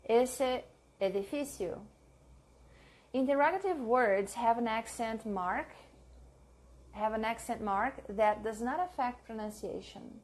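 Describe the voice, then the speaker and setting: Young woman teacher, slightly high voice, deliberate pace, drills each example word. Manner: slow, careful, repeating each example word. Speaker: language teacher. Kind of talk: reading a pronunciation lesson aloud.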